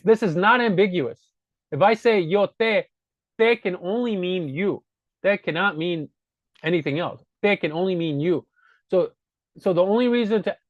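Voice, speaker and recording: A man's voice: sits high, dry recording. A man giving a casual spoken grammar lesson as a language teacher, patiently repeating his points to drive them home. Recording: dull, dry lo-fi recording.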